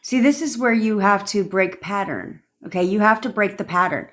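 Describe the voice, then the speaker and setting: A woman's voice: mid-range voice, moderate pace. A woman manifestation coach giving blunt, rambling advice on a live stream, swearing freely as she reads and answers viewer comments.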